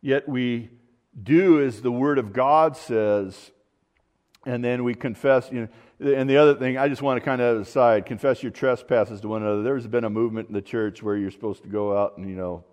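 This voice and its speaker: A man's voice: medium pitch, steady tone, normal speed, a little mellow, big-room sound. A man preaching a conversational sermon as pastor, reading scripture and wandering into asides and restarts.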